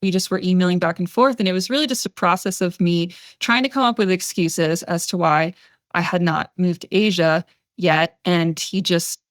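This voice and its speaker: A woman telling her story as a podcast interview guest, chatty, with many fillers and lively quoted dialogue. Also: lowish voice, moderate pace, no echo, clean studio sound.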